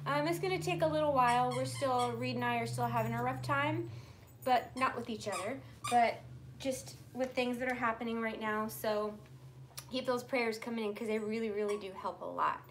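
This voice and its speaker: A woman hosting a casual live-stream handbag sale from a room at home. She chats in a friendly way and coos at her pets in a high voice. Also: normal speed, slight background noise. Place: room at home in natural light, pets nearby.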